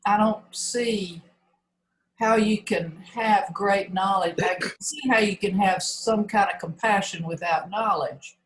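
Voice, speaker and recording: Slow, hesitant woman student. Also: medium pitch, low-quality recording. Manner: hesitant, restarting, pressing her point. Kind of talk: questioning in a class discussion.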